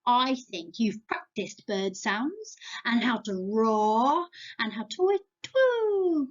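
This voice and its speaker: A woman's voice: a little high, dull audio. A woman with an English accent leading a Bible lesson for young children, playful and encouraging, asking them to join in. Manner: animated, slow and playful, speaking to young children. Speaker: children's church leader. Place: church setting, home video.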